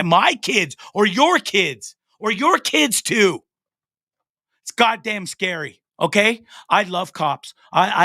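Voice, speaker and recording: A man's voice: high-pitched, bright, forceful tone, no room sound, studio quality. A Canadian man in his forties hosting a show, delivering an angry, profane, repetitive rant, stammering as he gets fired up. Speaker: host. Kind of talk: impassioned solo rant. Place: studio.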